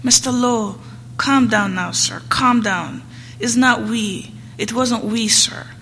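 A woman reading aloud, voicing a toothless old man who slowly soothes and pleads. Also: fairly high pitch, a bit bright. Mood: soothing. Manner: slow, coaxing and reassuring. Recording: long hall reverb, faint noise.

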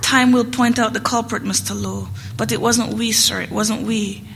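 A woman reading aloud, voicing a toothless old man who slowly soothes and pleads. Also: a little high, steady tone, creaky. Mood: pleading. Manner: slow, coaxing and reassuring. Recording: long hall reverb, faint noise.

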